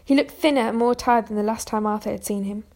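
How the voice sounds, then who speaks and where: Gravelly-voiced woman reading a storybook. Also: a little high, fast talker. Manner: steady reading with small restarts. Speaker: narrator.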